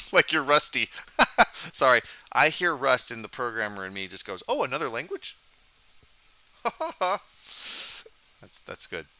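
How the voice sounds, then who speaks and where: A man's voice: mid-range voice, bright, forceful tone, smooth. A man teaching a college programming lecture, talking casually while coding live, thinking aloud and asking the class questions.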